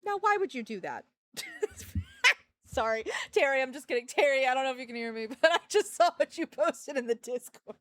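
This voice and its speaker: Animated high-voiced woman streamer. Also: a little fast, dry recording. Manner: rambling, joking, talks to her dogs. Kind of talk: casual live-stream chat.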